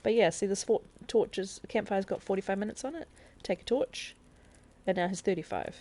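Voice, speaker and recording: A woman's voice: mid-range voice, a little fast, mellow. A woman streaming a video game live, chattily explaining the controls and thinking aloud as she plays. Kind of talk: casual live-stream gameplay tutorial.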